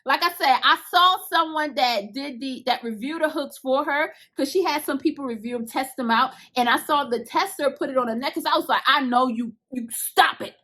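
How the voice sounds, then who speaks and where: A woman chatting casually to her viewers while unboxing crochet hooks, gushing and excitable, speaking straight to the audience in loose everyday slang. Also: high voice, brisk, few pauses. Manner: casual Southern-style slang like "y'all" and "I'ma".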